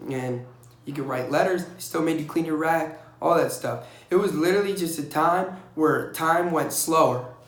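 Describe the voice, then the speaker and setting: A young man casually telling blunt, profane stories in a vlog, animated whenever he quotes other people. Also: fairly high pitch, normal speed. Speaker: vlogger recounting navy boot camp. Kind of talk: casual storytelling. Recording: echoey room.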